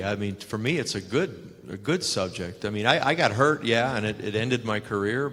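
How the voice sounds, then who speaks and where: Older man telling stories, lower voice. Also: in a large hall. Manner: animated anecdotes with acted-out quotes. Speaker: guest, retired wrestler. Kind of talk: storytelling at a live fan Q&A.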